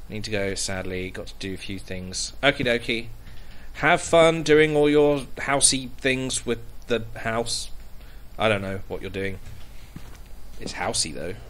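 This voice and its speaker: A man's voice: mid-range voice, expressive, a little slow, long pauses, fairly bright tone, slight background noise. A young man streaming a horror game, muttering to himself, jumpy and swearing often. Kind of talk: casual gaming commentary.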